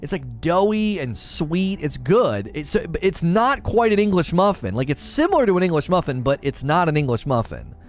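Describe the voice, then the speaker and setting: Man streamer, casual jokey chat, lively pitch, faint music behind. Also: moderate pace, few pauses. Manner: jokey, laughs often, does mock British voices.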